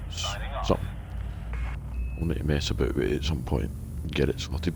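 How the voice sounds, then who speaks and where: Deep-voiced gamer, casual and excitable, with audible background noise. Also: male voice, a little fast, creaky. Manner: chatty, excitable, swears freely. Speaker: game streamer. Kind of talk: casual live-stream chat.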